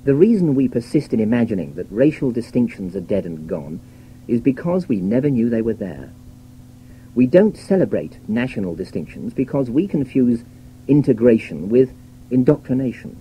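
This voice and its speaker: Dark-voiced British man giving a radio talk. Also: mid-range voice, very animated, low-quality recording. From Britain. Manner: measured, wry, lecturing delivery. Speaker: radio essayist. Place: radio studio. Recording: old radio broadcast with faint hum.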